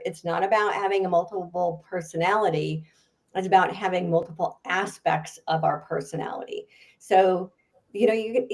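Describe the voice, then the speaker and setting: Her voice sits fairly low as she responds in a podcast interview. She is a guest author and speaker with a lively, talkative style and plenty of laughter.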